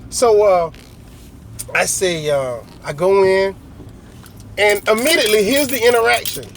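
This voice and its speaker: A man's voice: high-pitched, measured pace, slight background noise. A middle-aged man telling a long, rambling story in a casual, slangy way, often acting out other people's lines. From United States. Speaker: vlogger.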